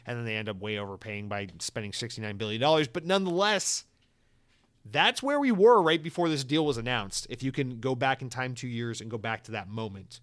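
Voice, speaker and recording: A man's voice: mid-range voice, fairly quick, fairly bright tone. Joking, casual male podcast host. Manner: casual, profane, joking riffs with put-on voices. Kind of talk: solo podcast commentary.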